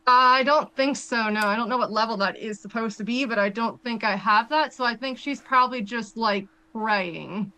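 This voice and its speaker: A woman's voice: a little high, moderate pace, few pauses, sharp tone, rough recording. A woman playing a tabletop game, talking hesitantly and giggling between her turns. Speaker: player.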